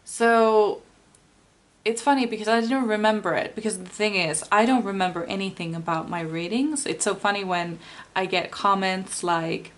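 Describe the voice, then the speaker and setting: A woman's voice: mid-range voice, normal speed. A woman from Finland with a Finnish accent, chatting casually as a tarot reader, rambling and laughing often. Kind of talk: casual chat.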